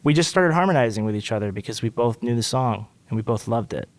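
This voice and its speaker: A man telling a story as a podcast guest, animated and acting out quotes with big jumps in pitch. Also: fast, no room sound. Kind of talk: casual storytelling.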